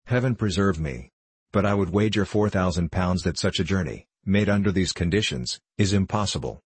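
An excitable gentleman card player who presses every objection, as a male narrator puts him on. His voice is deep and husky. The recording is dry and close. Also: normal speed, no room sound. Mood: agitated. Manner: agitated and insistent. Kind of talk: audiobook dialogue reading.

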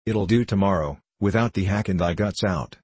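Man voicing an easygoing coal miner, resigned, low husky voice, audiobook. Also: normal speed, darkish tone, no echo. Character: weary middle-aged male coal miner, easygoing.

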